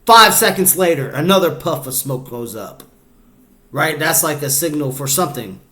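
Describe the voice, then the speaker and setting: A man's voice: a little high, expressive, moderate pace, sharp tone. A man hosting a casual podcast, talking loosely and rambling, with lots of fillers. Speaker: podcast host. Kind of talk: casual chat.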